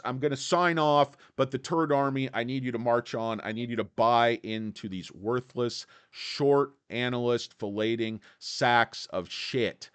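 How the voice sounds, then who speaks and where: A man's voice: measured pace, few pauses, smooth. A man hosting a stock market vlog, ranting angrily about analysts with crude insults. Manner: angry ranting, crude insults, lively pitch swings. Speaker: stock market vlogger host. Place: Los Angeles.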